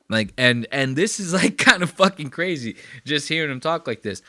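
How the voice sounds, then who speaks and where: A man's voice: a little high, lively intonation, moderate pace, pushed and bright, no room sound. A man hosting a podcast, riffing crude and profane comedic commentary in a rambling, conversational way on a close mic. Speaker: podcast host.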